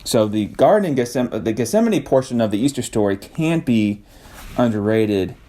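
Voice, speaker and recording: A man hosting a casual devotional talk, thinking aloud with restarts and soft laughs. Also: medium pitch, animated, normal speed. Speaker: podcast host.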